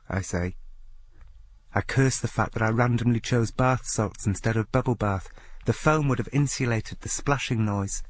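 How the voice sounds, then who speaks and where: A man narrating in a wry, understated voice, the kind of dry first-person storytelling a radio presenter does. His pitch sits in an ordinary middle range, neither deep nor high. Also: moderate pace.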